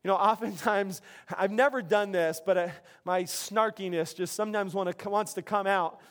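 A man preaching a sermon as pastor, conversational and animated, often restarting his sentences. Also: high voice, moderate pace.

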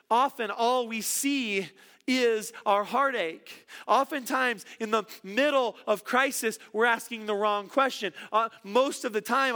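A man's voice: very high-pitched, sharp tone. A middle-aged man preaching a sermon, earnest and repeating words for emphasis. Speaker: pastor.

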